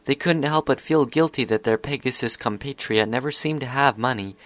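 A man calmly narrating a story chapter as an audiobook reader. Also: mid-range voice, fairly quick, no echo.

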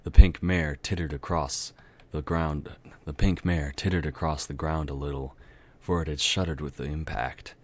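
A man narrates a dark fantasy tale, moving along at a steady pace and now and then going back to fix a slip. His voice is extremely deep and rumbling throughout. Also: moderate pace. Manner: steady narration with occasional self-corrections. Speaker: amateur story reader. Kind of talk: dramatic reading of fan fiction.

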